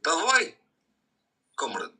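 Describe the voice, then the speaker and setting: A man's voice: a little high, huge pitch swings, slow, bright, forceful tone, distant mic, pitched above the performer's own voice, exaggerated voice. A man putting on a thick mock Russian accent as a jovial comrade.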